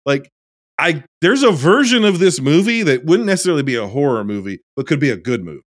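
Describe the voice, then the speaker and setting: A man's voice: a little high, big pitch swings, fast talker, no room sound. Podcast guy recapping a movie, kinda rambly, lots of like and you know, dry close recording. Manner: rambling, trails off softly, many fillers. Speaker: podcast co-host. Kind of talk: casual film discussion.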